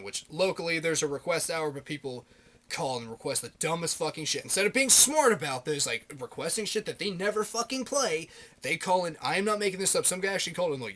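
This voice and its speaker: A married man vlogging about his favorite metal albums, swearing constantly in an animated, ranting way. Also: a little high. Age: adult, married. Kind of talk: casual rant.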